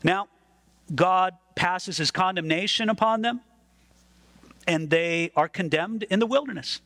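A man's voice: high voice, unhurried, pushed and bright, no echo. A man preaching a sermon as pastor, earnest and emphatic, repeating words as he stresses a point.

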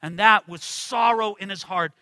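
A man preaching a sermon, swinging between loud emphasis and hushed passages as he reads scripture aloud. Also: sits high, normal speed, no room sound, in a large hall. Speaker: pastor.

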